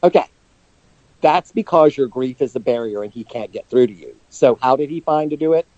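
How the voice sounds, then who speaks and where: Animated and a touch fast, the man's mid-range voice comes across a little mellow on a dull, lo-fi phone line with no room sound. A psychic medium, he tells personal stories in the interview with earnest, emotionally open candor.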